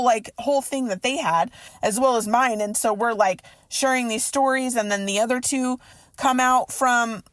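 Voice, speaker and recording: A woman podcast host and mindset coach telling a personal story in a casual, animated way, full of "like" and quoted thoughts. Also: a little high, no echo. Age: adult. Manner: animated, emotional retelling with many "like"s.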